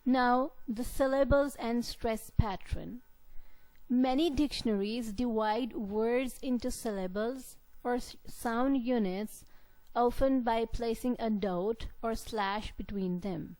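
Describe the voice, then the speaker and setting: Slow, dry-voiced woman lecturer. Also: a little high, darkish tone, no room sound, low-quality recording. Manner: slow and deliberate, repeating key words. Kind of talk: classroom lecture.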